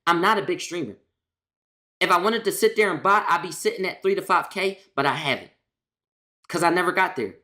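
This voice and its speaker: A woman's voice: lowish voice, lively intonation, fairly quick, long pauses, pushed and bright. A woman streamer talks straight to her chat in a loose, slangy rant. She is exasperated and keeps circling back to the same points.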